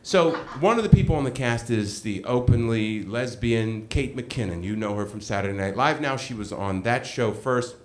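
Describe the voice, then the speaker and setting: Animated self-mocking male storyteller. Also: medium pitch, moderate pace, hardly any pauses, a little hiss or hum. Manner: animated, self-mocking, acts out quoted voices. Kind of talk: live comedic storytelling.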